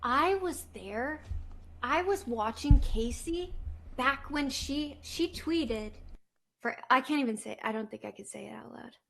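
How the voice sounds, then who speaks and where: A woman's voice: high voice, lively intonation, measured pace, gravelly, a bit bright. A young woman chatting casually as a guest on a livestream, rambling and gushing, with restarts and fillers. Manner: rambling, gushing, puts on a pleading baby voice at times. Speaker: stream guest. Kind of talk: casual stream chat.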